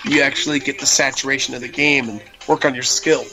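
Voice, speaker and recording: A man's voice: medium pitch, little pitch movement, fast talker, poor audio. A young man hosting a casual gaming podcast, swearing and ranting with frustration as he plays. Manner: profane, ranting and frustrated, trash-talking. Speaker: podcast host. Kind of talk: casual gaming chat while playing. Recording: music playing behind the voice.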